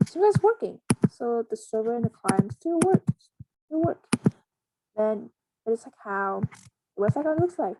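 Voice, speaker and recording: A woman presenting a casual software setup tutorial, talking in a halting, hesitant way with frequent pauses and restarts. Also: fairly high pitch, sing-song, background noise. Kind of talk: casual screen-recorded coding walkthrough.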